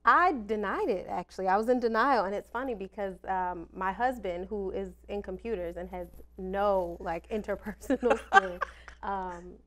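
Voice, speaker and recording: A woman's voice: mid-range voice, moderate pace, a bit bright. A woman in her thirties, a social worker, speaking candidly and reflectively in an interview and laughing at herself now and then. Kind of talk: personal interview talk.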